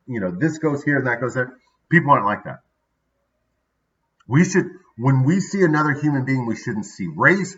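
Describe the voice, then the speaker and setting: Upbeat male vlog host, bright forceful tone, a bit far off the mic, dull lo-fi sound. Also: mid-range voice. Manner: upbeat, conversational, frequent "right?" asides. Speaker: daily video host. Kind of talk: casual motivational talk.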